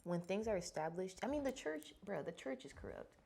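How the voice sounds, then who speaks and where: Animated, lively-pitched woman telling stories. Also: brisk, gravelly, slight background noise. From Arizona. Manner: animated storytelling, heavy swearing. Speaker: podcast guest. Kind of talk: casual chat.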